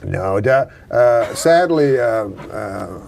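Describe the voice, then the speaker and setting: A man hosting a casual chat, talking in a dry, deadpan way and chuckling often. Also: lowish voice, very slow, vocal fry, background noise. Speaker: host.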